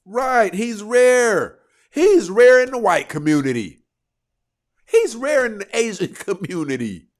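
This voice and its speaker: A man's voice: high voice, very animated, takes it slowly. A man hosting a livestream, casually commenting and reacting to viewers' comments, talking back to the chat with bursts of laughter. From United States.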